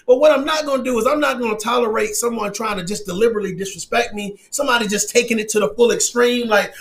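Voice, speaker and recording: Male commentary host, emphatic and preachy delivery, profane, higher-pitched voice. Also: fast talker, few pauses, a bit bright. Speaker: channel host. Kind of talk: casual commentary.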